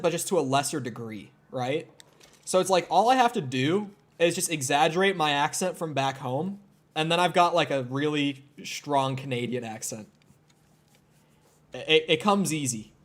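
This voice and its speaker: Young minnesota guy streaming a game, kinda high voice, rambly, lots of "like" and swearing. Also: lively intonation, normal speed. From Minnesota, United States. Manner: rambling, swears often, filler-heavy. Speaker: gaming streamer. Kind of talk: casual gameplay commentary.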